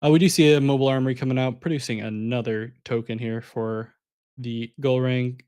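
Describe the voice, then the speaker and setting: A man with a mid-pitched voice calls an online card game match live. He talks in a loose, chatty way, explains each play as it happens and turns to speak to the viewers in chat. He sounds a little sleepy. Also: a little mellow. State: sleepy, yawning. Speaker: caster.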